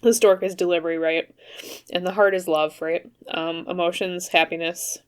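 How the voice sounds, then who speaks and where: A woman with a lowish voice talks through a pick-a-card tarot reading to camera. Her delivery is hesitant and careful, with plenty of ums and restarts as she weighs each word. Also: fairly even intonation, normal speed, smooth. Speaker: tarot reader.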